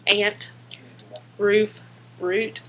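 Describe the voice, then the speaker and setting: Young woman, giggly and casual, mid-pitched voice. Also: flat delivery, drawn-out words, slight background noise. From Spartanburg, South Carolina. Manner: giggly, laughs between words. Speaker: vlogger. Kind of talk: casual chat reading a word list.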